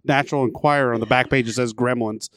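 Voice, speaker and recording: Male co-host, average pitch, halting, detail-focused. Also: fairly even intonation, a bit bright, dry recording, studio quality. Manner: adds details, hesitant, searching for words. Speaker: podcast co-host. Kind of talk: casual movie review chat.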